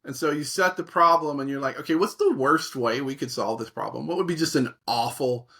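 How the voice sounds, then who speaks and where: Speaking fairly quickly in a mid-range voice with a breathy edge, a middle-aged creativity facilitator shares stories during a relaxed interview. He performs the reactions he describes with lively animation.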